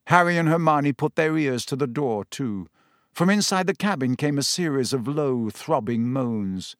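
A man reading a storybook aloud in a measured, expressive narration. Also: mid-range voice, no echo, studio quality. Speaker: audiobook narrator.

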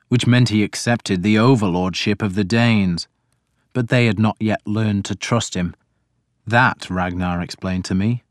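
Man reading a first person story aloud, low voice, steady measured telling, dry close mic. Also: no echo. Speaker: audiobook narrator. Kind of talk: scripted first-person narration.

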